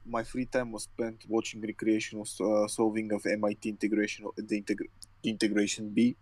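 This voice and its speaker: A man's voice: on the low side, completely flat delivery, brisk, a little mellow, no room sound. Tired young man ranting, dry sound. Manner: sweary, ranting, stumbling restarts. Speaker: podcast co-host. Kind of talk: casual chat.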